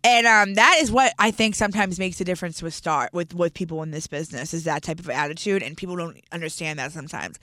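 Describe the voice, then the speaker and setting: A young woman hosting a radio show, telling a story in animated casual banter with laughter and profanity. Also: lowish voice, quick pace, hardly any pauses, no echo, clean studio sound.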